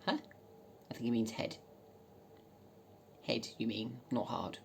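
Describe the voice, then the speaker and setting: A woman chatting casually as a vlogger, cheeky and bawdy, swearing freely and bursting into loud laughs. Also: very deep voice, slow pace, gravelly, a little hiss or hum. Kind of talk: casual chat reading dating messages aloud.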